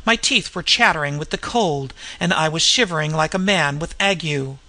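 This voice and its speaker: Gravelly bright-toned audiobook reader. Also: medium pitch. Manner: measured storytelling with character voices. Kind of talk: audiobook narration.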